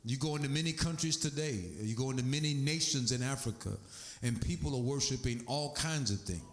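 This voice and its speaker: A man preaching a sermon, animated, his voice climbing high as he gets excited. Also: a little fast. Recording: echoey room.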